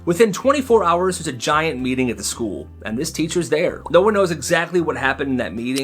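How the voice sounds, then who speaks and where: A man's voice: medium pitch, a bit bright. A young man telling stories casually in a chatty, sarcastic way, mocking the people in them. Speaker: storyteller. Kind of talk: casual storytime narration. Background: faint music.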